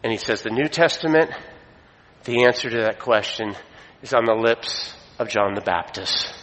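A man preaching a sermon, his delivery swelling for emphasis and then dropping low. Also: moderate pace, fairly bright tone. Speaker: pastor. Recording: long reverb of a hall.

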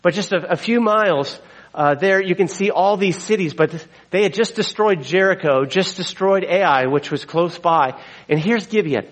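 Storytelling man preaching with a slightly high voice. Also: moderate pace, poor audio. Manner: conversational storytelling with asides. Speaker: pastor. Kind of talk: sermon.

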